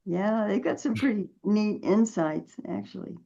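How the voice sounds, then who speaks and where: A woman's voice: medium pitch, unhurried, gravelly, mellow. A woman chatting in a casual spiritual discussion on a video call, chatty and laughing easily. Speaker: group participant. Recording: muffled lo-fi video call audio.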